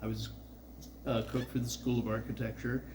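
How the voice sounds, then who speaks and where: A man's voice: mid-range voice, flat delivery, normal speed, noisy background. A man in his sixties telling a rambling, profane personal story on a festival stage, full of filler words. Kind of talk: live storytelling.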